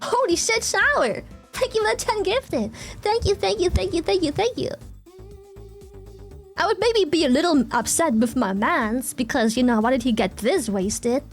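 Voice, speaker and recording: A high-pitched young woman talks casually to her live-stream audience. She rants with lively emphasis, swears freely and keeps answering chat. Soft music plays faintly underneath. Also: moderate pace. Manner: animated ranting, swears freely, reacts to chat.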